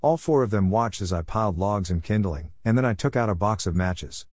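A man narrating a storybook in a steady, plain reading voice. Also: on the low side, brisk, dry recording, studio quality.

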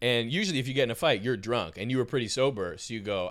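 A man's voice: mid-range voice, expressive, fast talker, fairly bright tone. A man co-hosting a podcast in casual comedic banter, teasing a friend by mock-quoting him. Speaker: podcast co-host.

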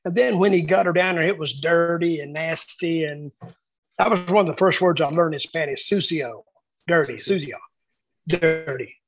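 A man reminiscing casually about his years booking shows, telling lively anecdotes and acting out the quotes. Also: a little high, moderate pace, poor audio. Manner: animated storyteller acting out quotes. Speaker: wrestling booker telling stories.

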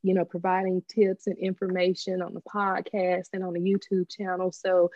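A woman from Texas with a deep Southern accent, a business owner guesting on a podcast, talking candidly and laughing often. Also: monotone, moderate pace, mellow, dry recording, lo-fi sound. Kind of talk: casual interview chat.

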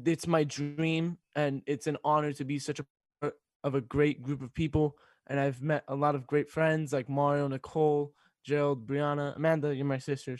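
Teen male radio host, higher voice, emotional and halting, dry studio sound. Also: no echo. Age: teens. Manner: fighting back tears, halting and laughing. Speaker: student radio host, sports director. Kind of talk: emotional casual chat on radio.

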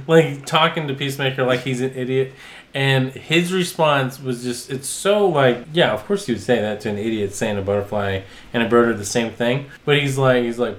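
A man's voice: medium pitch, normal speed. A man co-hosting a podcast in casual chat, enthusiastic and rambling, laughing often. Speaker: podcast co-host.

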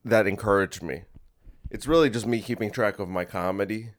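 A man's voice: fairly low pitch, a little fast. A man hosting his own solo podcast from his bedroom at home, chatting in a restless, jokey way that keeps getting sidetracked. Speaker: podcast host. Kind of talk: rambling solo podcast chat.

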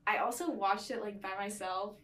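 A young woman co-hosting a podcast, reviewing a movie casually in halting speech full of fillers and trailing off. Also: medium pitch, a bit bright. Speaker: podcast co-host. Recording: echoey room, far from the mic.

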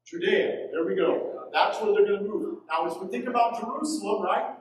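A man with a fairly high voice leads an adult Sunday school class, chatting through scripture and throwing questions to the group. He sounds set back from the mic, and the room rings with heavy echo. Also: moderate pace. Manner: conversational, asks the class questions. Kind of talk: classroom Bible lesson. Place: church classroom. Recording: very echoey room, mic far off.

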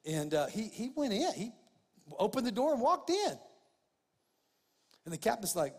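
A man preaching a sermon with fervour, repeating phrases and calling his listeners "guys" as he builds to emphatic, louder points. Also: expressive, a little fast, husky. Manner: fervent, rising in pitch and volume when stressing points. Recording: long hall reverb.

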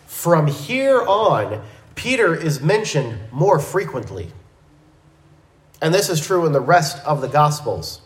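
A man teaching a verse-by-verse Bible lesson in a measured, methodical way, with small restarts. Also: a little high, big pitch swings, echoey room, low-quality recording.

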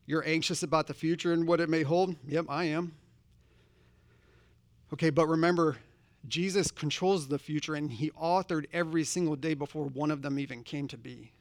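A man's voice: fairly high pitch, steady tone, moderate pace, no room sound. A man preaching a sermon, earnest and conversational, posing direct questions to his congregation. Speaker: pastor.

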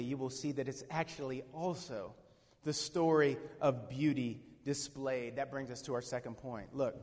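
A man preaching a sermon with dynamic swings from hushed to shouting, asking the congregation questions. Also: fairly high pitch. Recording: long reverb of a hall.

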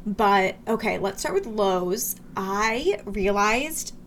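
A woman's voice: medium pitch, lively intonation, slow, a little hiss or hum. A young woman co-hosting a podcast, chatting casually and joking with her friend. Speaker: podcast co-host. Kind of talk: casual chat.

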